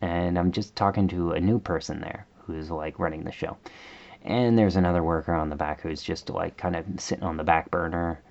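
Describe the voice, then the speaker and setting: Low gravelly man ranting. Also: steady tone, normal speed, darkish tone, dull audio. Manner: rambling, exasperated, many fillers. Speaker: vlogger. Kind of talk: casual storytelling rant.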